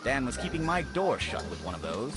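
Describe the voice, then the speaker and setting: A man's voice: medium pitch, very animated, brisk, lightly acted. An actor voicing a male adventure game character who makes dry, offhand remarks. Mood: wry. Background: game music.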